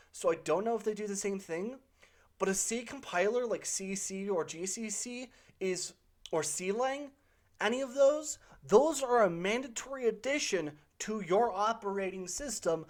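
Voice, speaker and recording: Taking viewer questions in a loose, unscripted monologue, a channel host rambles and gives opinions freely, often using fillers and correcting themselves. The voice sits at a medium pitch.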